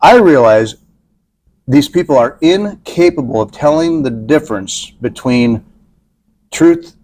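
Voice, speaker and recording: A man's voice: mid-range voice, animated, measured pace, darkish tone, slight background noise. A man co-hosting a podcast, talking casually and rambling with many restarts. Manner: rambling, hesitant, frequent fillers and restarts. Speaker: podcast co-host. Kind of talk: casual chat.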